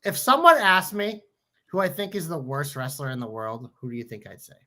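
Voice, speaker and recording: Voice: medium pitch, sing-song, fairly quick, bright, forceful tone. A podcast co-host in casual chat, blunt and profane, given to rants.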